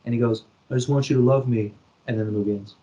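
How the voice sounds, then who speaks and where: Male podcast co-host, casual and animated, mid-pitch, playacts the quotes as he retells a film. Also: fast talker, highs cut off. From Canada. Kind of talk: casual chat.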